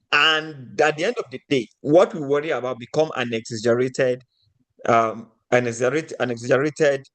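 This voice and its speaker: A man's voice: mid-range voice, a bit bright. A man from Nigeria giving a motivational teaching talk, often putting rhetorical questions to his audience.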